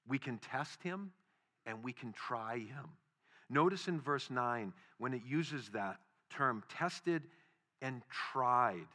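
Guy preaching, bright edgy voice, gets loud then drops way down. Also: medium pitch, expressive, takes it slowly. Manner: emphatic, rising to loud stresses then dropping quiet. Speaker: pastor. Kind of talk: sermon.

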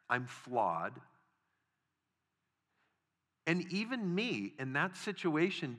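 A man's voice: fairly high pitch, pushed and bright. A middle-aged man preaching a sermon in a conversational way, acting out small quoted exchanges as he teaches. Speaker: pastor.

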